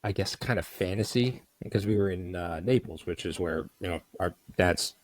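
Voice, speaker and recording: An American man co-hosting a podcast, telling a long story in a rambling, animated way, full of "I was like". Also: low-pitched, moderate pace, dry recording. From United States. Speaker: podcast co-host. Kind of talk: casual storytelling chat.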